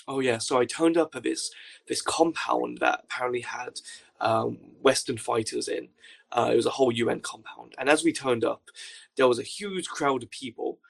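A young man telling a story as a podcast guest, with dry, deadpan understatement. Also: mid-range voice, normal speed, creaky, slightly rough. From Wales. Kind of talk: casual storytelling anecdote.

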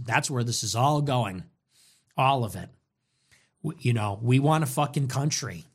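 Young male host, fiery political rant, lots of rhetorical questions, swings his pitch all over. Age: young adult. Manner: ranting, rapid-fire rhetorical questions, profane. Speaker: show host. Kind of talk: political monologue.

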